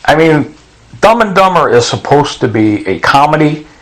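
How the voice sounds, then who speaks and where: A man's voice: a little high, very animated, moderate pace, a bit bright, rough recording. A middle-aged man in an agitated, rambling monologue, acting out other people's words as he goes. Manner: intense, rambling, acts out other people's quotes. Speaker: vlogger.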